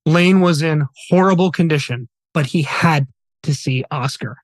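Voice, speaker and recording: A man's voice: a little high, measured pace, dry recording. A man hosting a podcast, retelling a true story in a casual, earnest, conversational way. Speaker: podcast host.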